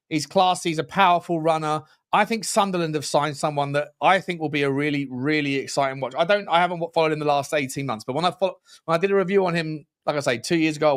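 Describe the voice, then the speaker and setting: A man co-hosting a football podcast, talking excitedly in casual slangy chat, rambling and cutting himself off mid-sentence. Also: fairly high pitch. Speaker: podcast co-host.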